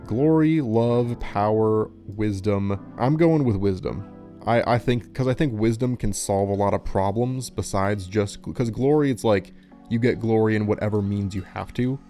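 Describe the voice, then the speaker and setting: Reading quiz questions out loud for his channel, a Minnesotan man chats and rambles casually, filling his speech with plenty of "like." His voice is lowish and warm, fitting the relaxed vlog style.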